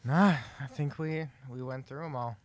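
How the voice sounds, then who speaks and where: A man's voice: mid-range voice, moderate pace, a little mellow, no room sound. A man co-hosting a faith podcast, making jokes and playful banter in casual chat. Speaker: podcast co-host.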